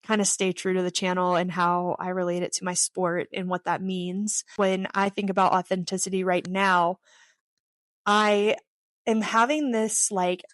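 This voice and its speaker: A woman's voice: medium pitch, no room sound. Earnest woman talking to camera, dry sound. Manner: earnest and openly personal, wanders into tangents with light self-deprecating humor. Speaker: athlete sharing reflections on her channel. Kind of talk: casual reflective talk to camera.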